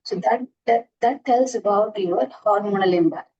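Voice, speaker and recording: In a classroom lecture on astrology, a medium-pitched woman speaks at normal speed and explains things earnestly, though she repeats herself and restarts frequently. The recording has its highs cut off.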